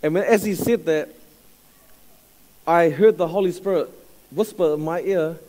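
A man in his thirties with a New Zealand accent, telling a story in a casual, halting sermon with fillers and laughs. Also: a little high, warm tone, poor audio. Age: 30s. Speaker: church speaker.

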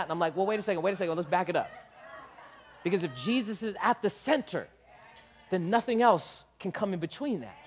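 High-voiced preaching man. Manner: animated preaching with acted-out dialogue; builds to shouting at climaxes. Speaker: pastor. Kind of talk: sermon.

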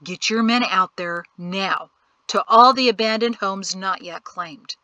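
A woman's voice: medium pitch, measured pace, sharp tone, no echo, lo-fi sound. A woman reading the part of a stern male colonel in an audiobook, giving urgent orders.

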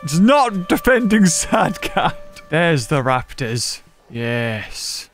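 A man giving casual gameplay commentary, excitable and laughing often as he talks to other players. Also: fairly high pitch, extremely slow, soft background music. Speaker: gaming channel host.

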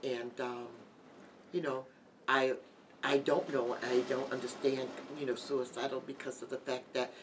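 A woman's voice: rumbling low, flat delivery. Grieving middle-aged woman, distant mic. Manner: halting, heartfelt, with many restarts. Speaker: guest. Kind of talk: emotional personal testimony. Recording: distant mic with light background noise.

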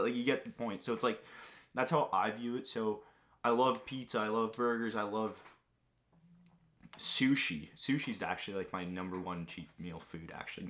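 A man's voice: fairly low pitch, fairly bright tone. Rambling young man from Greece. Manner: rambling, filler-heavy storytelling with lots of "like". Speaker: vlogger answering viewer questions. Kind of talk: casual chat.

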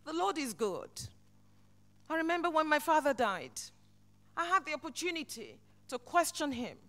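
High, bright-voiced woman preaching. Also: sing-song, normal speed. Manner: impassioned, swings between loud exhortation and soft, hushed delivery. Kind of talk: sermon. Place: church.

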